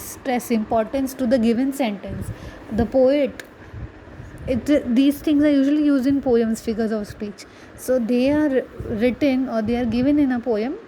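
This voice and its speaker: An English teacher from India gives a grammar lesson, explaining patiently and putting rhetorical questions to her students. She has a high, mellow voice, and the rough recording carries a little hiss or hum.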